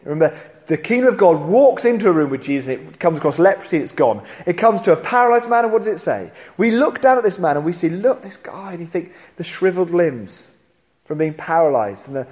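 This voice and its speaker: A man preaching a sermon, telling the story in an animated way and acting out the voices of the people in it. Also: fairly high pitch. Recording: long hall reverb.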